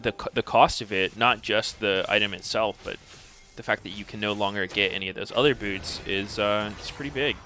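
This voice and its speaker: A man giving casual, analytical commentary on an esports match at a watch party, explaining plays in a measured way. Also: lowish voice, bright, forceful tone, faint music behind. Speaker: stream co-caster.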